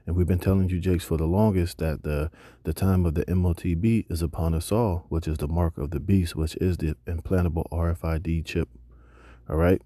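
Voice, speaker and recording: A man's voice: low-pitched, steady tone, fairly quick, warm tone, dry recording. A man teaching a Bible lesson, reading scripture and then preaching emphatically with casual slang asides.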